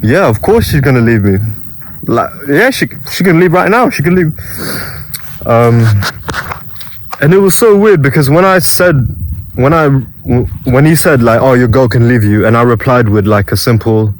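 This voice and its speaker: A man's voice: medium pitch, lively intonation, normal speed, long pauses, a little hiss or hum, poor audio. A young man vlogging about self-improvement, telling a casual story with many restarts and quoted voices.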